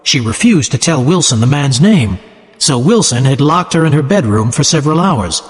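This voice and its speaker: Expressive male storyteller with long echo. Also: a little high, moderate pace. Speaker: narrator. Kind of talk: scripted story narration.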